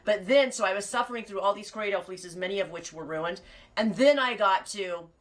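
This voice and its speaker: A sheep farmer hosts a casual knitting live stream from her farm, speaking a little fast in a mid-range voice. She rambles, cuts herself off, laughs often and swears now and then.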